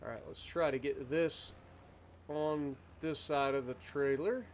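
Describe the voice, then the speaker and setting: With a fairly high pitch, steady tone, and measured pace, a male streamer chats loosely with viewers during a farming game, rambling between moves. A little hiss or hum is audible.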